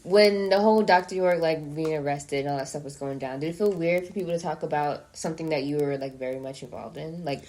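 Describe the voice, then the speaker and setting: Low-voiced, fast-talking young woman. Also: darkish tone. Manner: questioning, with many likes. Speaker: host interviewing her mother. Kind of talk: casual chat.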